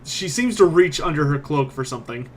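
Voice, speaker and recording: Higher-voiced man narrating as game master. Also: brisk, a little hiss or hum. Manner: animated, voices every figure.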